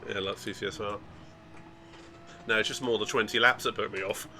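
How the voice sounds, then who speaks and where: A man's voice: on the low side, steady tone, a little fast, bright, forceful tone, a little hiss or hum. A man joking dryly in casual chat while racing on stream.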